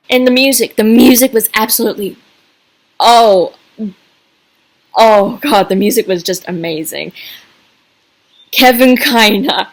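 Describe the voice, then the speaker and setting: A woman's voice: a little high, takes it slowly, pauses often, low-quality recording. A woman giving a casual video review as a fan, gushing and rambling with many fillers and restarts.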